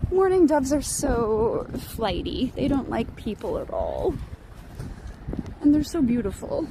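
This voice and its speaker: Excitable woman live-streaming outdoors. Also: a little high, slow pace, background noise. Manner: excitable, gushing, laughs often. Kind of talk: casual live-stream chat while walking. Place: outdoors beside a gallery building.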